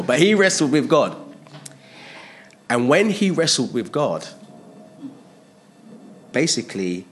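A man delivering a sermon in an easy, conversational manner, leaning on repeated phrases for emphasis. His voice sits at an ordinary middle pitch. A faint hiss of background noise runs under the recording. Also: a bit bright. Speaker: preacher.

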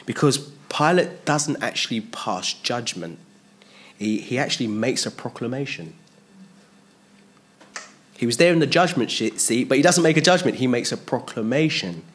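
A man teaching an expository sermon on a Bible passage. He voices the speakers in the text and rises and drops sharply in pitch and volume. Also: expressive, moderate pace. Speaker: preacher.

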